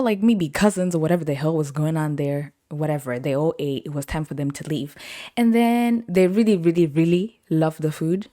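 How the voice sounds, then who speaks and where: A young woman chats through stories from her week on her own podcast. Her voice sits a little low, and she laughs often and acts out what other people said. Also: warm tone. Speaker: podcast host. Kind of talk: casual storytelling.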